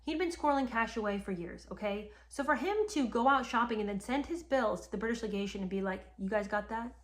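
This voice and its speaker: Speaking quickly in a slightly bright, fairly high voice, a woman hosts a history podcast. Her commentary is animated: she recounts what happened, bristles with indignation, and addresses her audience head-on.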